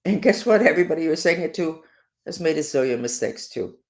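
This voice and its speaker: Animated woman reading horoscopes. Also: deep voice, fairly quick. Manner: animated and emphatic, swinging between loud stresses and quiet asides. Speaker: astrologer presenting weekly horoscopes. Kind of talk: unscripted horoscope monologue.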